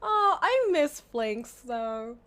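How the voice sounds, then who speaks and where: A woman streaming a game, chatting in a giggly, excitable way. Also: high voice, drawn-out words, crowd noise. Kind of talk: casual chat while playing a game.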